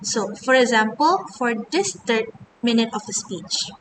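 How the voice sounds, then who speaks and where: Girl in her 20s doing a class talk, kinda high voice, mic far off w/ rumble in the back. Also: unhurried. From Malaysia. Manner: earnest, scripted, mostly reading. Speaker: university student. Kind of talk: recorded class presentation. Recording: distant mic with steady rumble.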